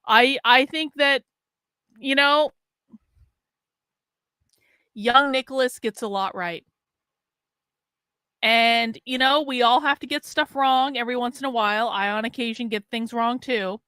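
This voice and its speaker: Bright, crisp-voiced woman streamer. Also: fairly high pitch, unhurried, long pauses, no echo. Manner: chatty, profane, talks to viewers. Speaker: live-stream host. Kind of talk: casual live-stream commentary.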